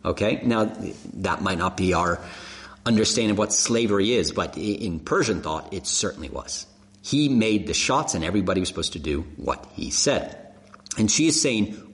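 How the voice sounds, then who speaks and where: A man preaching a sermon, telling the story with animated emphasis and rhetorical questions. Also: fairly low pitch, moderate pace. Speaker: pastor. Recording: echoey hall.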